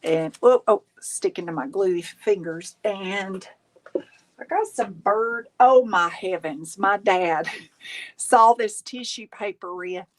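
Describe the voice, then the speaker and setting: A woman's voice: mid-range voice, slow. A middle-aged woman hosting a craft livestream, chatting casually, laughing often and reading viewer comments aloud. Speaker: craft channel host. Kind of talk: casual chat while crafting.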